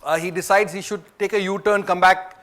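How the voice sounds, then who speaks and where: A man's voice: high voice, fairly even intonation, a little fast, fairly bright tone. A man from India with an Indian English accent, giving a motivational talk at a management training event. He tells a story in a chatty way and asks the audience questions.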